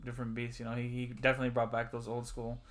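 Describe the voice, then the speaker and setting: A man hosting a casual podcast chat with friends. His voice sits at an ordinary middle pitch. He talks with eager enthusiasm and swears freely. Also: monotone, very fast. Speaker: podcast host.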